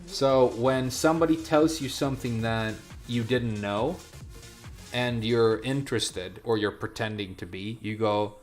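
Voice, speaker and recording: A man's voice: mid-range voice, measured pace, faint music behind. A man from Sweden, chatting casually as a game streamer, rambling from one thought to the next and answering his chat.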